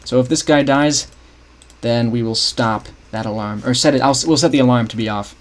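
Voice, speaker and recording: Scripting a game map while live, a young male streamer talks casually in a medium-pitched voice at a normal speed. He thinks out loud, restarts often and keeps chatting with his viewers.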